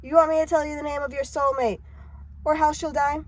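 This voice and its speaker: A woman's voice: high-pitched, flat delivery, brisk, voice pushed up, close to an everyday voice. A woman voicing a taunting man at a party with a fake Jamaican accent, posing as a psychic and asking prying questions. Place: parked car.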